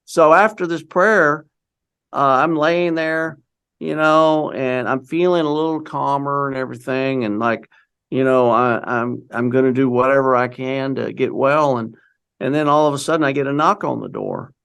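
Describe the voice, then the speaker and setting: A man's voice: medium pitch, steady tone, moderate pace, vocal fry, a bit bright, smooth. A middle-aged man telling a personal story in a casual, rambling way, quoting what others said to him. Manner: rambling, with many restarts and quoted dialogue. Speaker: guest telling his story.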